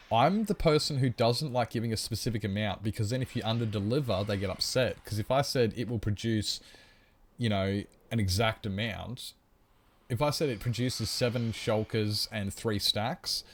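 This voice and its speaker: A man with a somewhat low voice rambles through a relaxed livestream chat. He explains his thinking at length and answers viewers' comments as they come in. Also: normal speed, a little hiss or hum.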